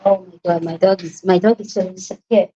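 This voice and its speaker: A woman's voice: on the low side, fairly even intonation, a little fast, mellow, lo-fi sound, a little hiss or hum. A young woman with a Nigerian accent hosting a casual livestream chat from home, bubbly and laughing often as she greets viewers. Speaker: livestream host.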